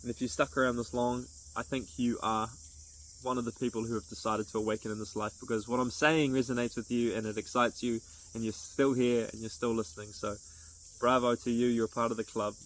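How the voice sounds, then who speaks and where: A man's voice: mid-range voice, little pitch movement, brisk, rough recording. A man talking to camera as a vlogger in an earnest, rambling, upbeat way, with restarts. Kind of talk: casual motivational monologue to camera.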